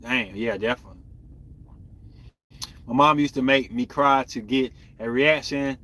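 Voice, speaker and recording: A man's voice: mid-range voice, unhurried, pushed and bright. A young man hosting a podcast, talking candidly and loosely with his viewers. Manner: candid, rambling, talks to viewers. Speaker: podcast host. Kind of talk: casual live-stream chat.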